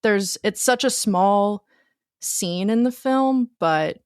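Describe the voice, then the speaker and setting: A woman's voice: medium pitch, expressive, slow, smooth, dry recording, studio quality. A young woman co-hosting a casual film podcast, eagerly retelling scenes she loved. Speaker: podcast co-host.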